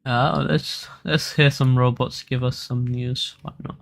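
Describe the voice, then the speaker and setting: A man's voice: mid-range voice, flat delivery, measured pace, creaky, faint music behind. A man giving casual live stream commentary on crypto charts as the analyst, rambling with lots of fillers and restarts.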